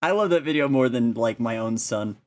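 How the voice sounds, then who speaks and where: A man talking casually on a live stream, rambling through his thoughts and laughing often. His voice sits at an ordinary middle pitch. He speaks into a desk mic at home. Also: lively intonation, a little fast. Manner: rambling, laughs often, many filler likes. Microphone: standalone desk mic.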